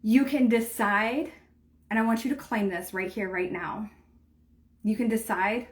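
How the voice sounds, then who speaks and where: Casting note: a woman with a slightly high voice, warm and earnest, giving spiritual coaching on a live stream and peppering her talk with "like.". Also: steady tone, a little slow, pauses often. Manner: earnest, heartfelt, leans heavily on "like" and "right?"; speaks direct encouragement to the viewer. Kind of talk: motivational livestream talk.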